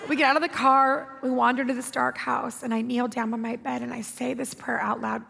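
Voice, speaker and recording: A woman's voice: a little high, little pitch movement, a little fast, creaky, few pauses, pushed and bright, husky. A woman pastor preaching a sermon, telling a personal story in an emphatic, conversational way with repeated phrases. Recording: long hall reverb with music behind.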